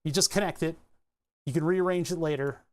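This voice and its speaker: The narration comes from a streamer thinking aloud during a chill livestream while working. Their medium-pitched voice is unhurried and partly self-directed, full of trailing sentences and frequent self-corrections.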